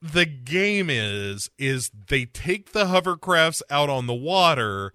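Bright-voiced male co-host, dry close sound, sarcastic and giggly recap. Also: fairly high pitch, clean tone, dry recording. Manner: laughs often, sarcastic asides. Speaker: podcast co-host. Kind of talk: casual comedic movie recap.

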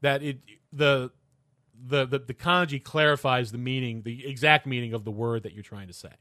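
A man's voice: mid-range voice, fairly even intonation, normal speed, pushed and bright, no room sound, studio quality. A man co-hosting a casual podcast chat, explaining at length with frequent restarts and hesitations.

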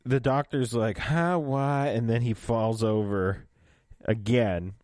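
Podcast co-host: a man with a lowish voice, animated and quick to laugh, recorded dry and close. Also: no room sound. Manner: animated, laughs often, restarts sentences. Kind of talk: casual chat recapping an audio drama.

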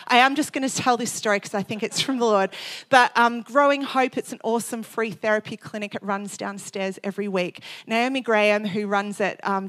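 Brief: a fervent woman preacher with a fairly high voice, quick and worked up, building to loud exclamations. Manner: fervent, fast-paced, rising to exclamations. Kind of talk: sermon.

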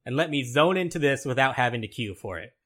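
A man's voice: mid-range voice, lively intonation, quick pace, a bit bright. A man co-hosting a casual gaming podcast, blunt and grumbling, swearing freely. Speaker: podcast co-host.

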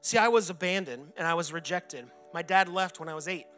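A pastor in his forties preaches a sermon in a church sanctuary, giving an earnest personal testimony and reenacting his own anguished, shouted prayers. His voice is high for a man and bright, fairly quick, with soft music underneath.

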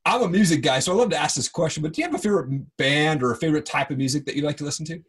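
Husky podcast host guy in his 30s, laughs a lot, chimes in eagerly. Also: a little high, very fast. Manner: laughs often, eager interjections. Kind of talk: casual interview.

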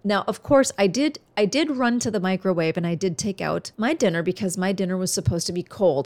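A woman's voice: mid-range voice, fairly quick, few pauses, darkish tone. A woman hosting a podcast, talking earnestly and encouragingly to her listeners as if to a friend. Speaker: podcast host. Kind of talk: heartfelt podcast monologue.

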